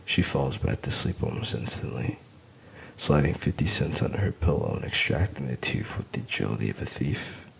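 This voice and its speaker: A man's voice: a bass voice, lively intonation, moderate pace, creaky, fairly bright tone, breathy edge. A man narrating an audiobook in the first person, with wry, weary humor.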